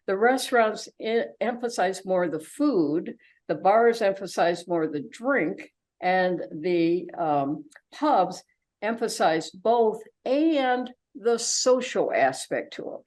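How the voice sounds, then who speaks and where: A woman's voice: medium pitch, animated, takes it slowly, darkish tone, rough recording. An older woman giving an informal travel slide talk, chatty and full of fillers and restarts. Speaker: travelogue presenter.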